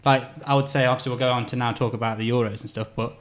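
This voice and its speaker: A man's voice: mid-range voice, steady tone, rapid-fire. Young english guy chatting footy, laughs a lot, lots of ums. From England. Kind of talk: casual football chat.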